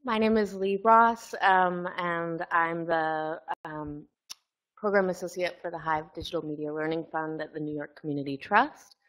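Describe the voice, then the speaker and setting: A woman program associate introduces herself casually. Her voice sits low for a woman. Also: steady tone, moderate pace, fairly bright tone.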